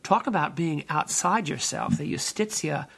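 Gravelly older man musing on faith. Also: fairly high pitch, moderate pace, a bit bright. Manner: meandering, with many fillers and restarts. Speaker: podcast host, minister. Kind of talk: reflective spiritual monologue.

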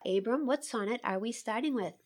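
A woman's voice: on the high side, brisk. A woman, a poet and English professor, co-hosting a poetry podcast and walking through her reading of a poem in an engaged, questioning way. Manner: engaged, asks herself questions while analyzing. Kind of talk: conversational literary discussion.

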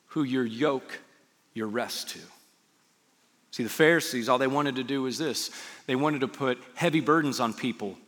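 Pastor preaching in a reverberant hall. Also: male voice, mid-range voice. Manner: preaching with dramatic quoted asides, dropping to soft hushed tones. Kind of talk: sermon. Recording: reverberant hall with faint music.

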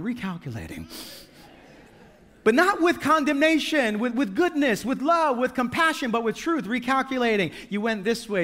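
A man preaching a sermon with a notably high voice. He talks to the congregation conversationally, asking rhetorical questions and adding light humor. His voice rings with the long echo of a large hall. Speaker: pastor.

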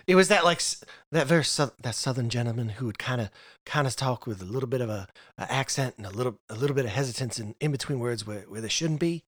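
A man's voice: medium pitch, animated, fast talker. A man co-hosting a casual podcast chat about role-playing games, often restarting and repeating words as he thinks aloud. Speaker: podcast co-host.

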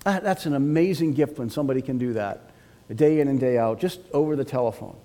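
A man's voice: mid-range voice, dark tone. A middle-aged man with a Boston accent preaching a sermon as a pastor, earnest and reflective, telling stories with quoted dialogue. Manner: earnest, reflective, with prayerful pauses.

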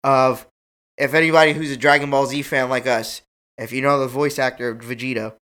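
A young man hosting a casual chat, telling an animated, slangy story and acting out quotes. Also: mid-range voice, brisk, clear, resonant tone. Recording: loud background noise.

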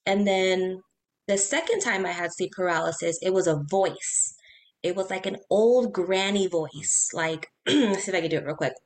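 In a casual chat, a woman tells ghost stories from her own life with lots of animation. Her mid-range voice comes out in fast bursts, and she plays out her reactions as she goes.

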